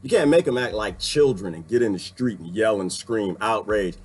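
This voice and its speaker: A man's voice: on the low side, animated, normal speed, darkish tone. A man hosting a casual livestream, talking straight to his chat viewers and laughing often. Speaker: livestream host.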